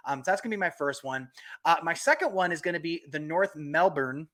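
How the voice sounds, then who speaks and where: A man's voice: a little high, expressive, fairly quick, sharp tone. A man co-hosting a sports podcast, chatting casually, laid-back and laughing often, cursing freely. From California. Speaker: podcast co-host.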